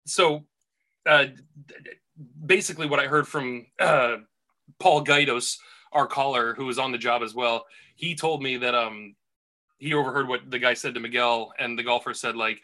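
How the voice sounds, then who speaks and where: A man's voice: mid-range voice, fairly even intonation, normal speed, bright, forceful tone. A man casually telling a rambling golf caddy story on a podcast, full of restarts and asides.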